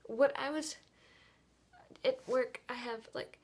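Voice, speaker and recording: A tired young woman venting in a casual vlog, talking quietly, often half-whispered, rambling and frustrated. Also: sits high, fairly even intonation, a little slow, slightly rough. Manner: hushed, half-whispered talk. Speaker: vlogger.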